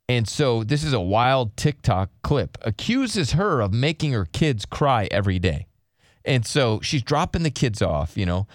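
Man hosting, lively and dry-sounding. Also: medium pitch, no room sound. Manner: relaxed, setting up clips. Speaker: podcast host. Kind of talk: casual chat.

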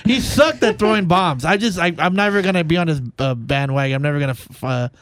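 A man co-hosting a casual sports chat, excitable and prone to ranting. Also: on the high side, fast, no room sound, soft background music. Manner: excitable, ranting, trails off and restarts. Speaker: co-host.

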